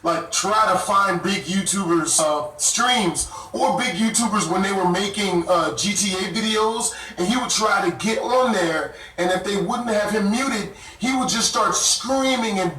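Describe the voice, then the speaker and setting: A man tells a story in an animated, profane rush, with a high voice. He sits back from the mic, so the sound carries the echo of the room. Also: measured pace, few pauses, slight background noise. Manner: animated, profane, laughs while telling. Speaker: YouTuber telling a story. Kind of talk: casual storytelling. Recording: echoey room, mic far off.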